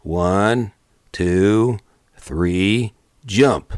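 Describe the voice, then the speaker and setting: A man's voice: lowish voice, drawn-out words, dry recording, studio quality. A man voicing an easygoing, shrewd frontier gambler in an audiobook, speaking in a careless folksy drawl. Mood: easy drawl. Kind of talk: audiobook character voice.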